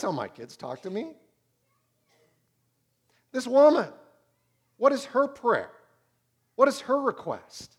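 A pastor in his thirties preaching a sermon, swinging between loud and hushed. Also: very high-pitched, big pitch swings, slow pace, long pauses.

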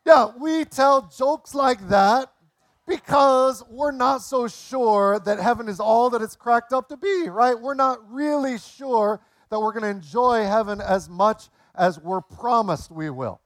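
A man in his late forties preaching a sermon in a relaxed, conversational way, telling jokes along the way. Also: extremely high pitch, unhurried, dry recording, studio quality. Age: 40s. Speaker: pastor.

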